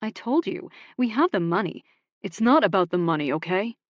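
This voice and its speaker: A woman's voice: mid-range voice, expressive, normal speed, no echo, dull audio, natural voice. A woman narrator voicing a stubborn, guarded man who answers in short, defensive lines. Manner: clipped, defensive replies.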